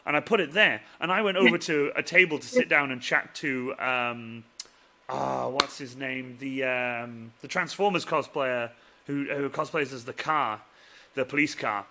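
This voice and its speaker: Man telling funny stories on a live chat, trails off low at the end, sharp bright tone. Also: a little slow. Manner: animated storyteller, voice drops low and trails off at the ends of stories. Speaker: host. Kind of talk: casual chat.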